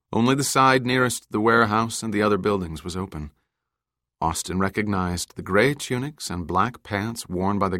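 An audiobook is read by a man whose voice is low and deep, paced with careful deliberation. He sounds bright and forceful, and the close-miked audio is dry, free of echo or room ambience.

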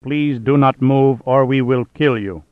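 A man voicing a cold armed security robot in an audiobook, speaking in a hollow, measured way. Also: mid-range voice, fairly even intonation, no room sound, natural voice. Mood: menacing. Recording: tinny phone-like sound.

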